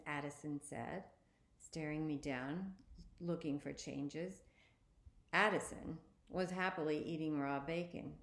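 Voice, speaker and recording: Slow, expressive woman reading a story. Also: low-pitched, creaky, echoey room. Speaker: story reader. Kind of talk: reading a children's story aloud.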